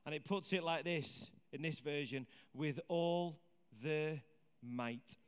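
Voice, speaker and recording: Man, preacher, sermon, conversational, asks questions, high voice. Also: takes it slowly, clear, resonant tone. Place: church hall with congregation. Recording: hall reverb.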